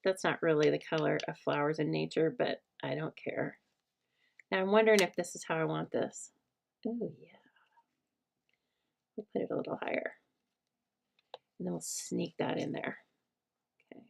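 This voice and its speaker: A woman's voice: low-pitched, fairly even intonation, normal speed, gravelly, pauses often, a little hiss or hum. A middle-aged woman hosting a casual craft livestream, chatting with viewers in a rambling way and laughing often. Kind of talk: casual craft demo chat with live viewers.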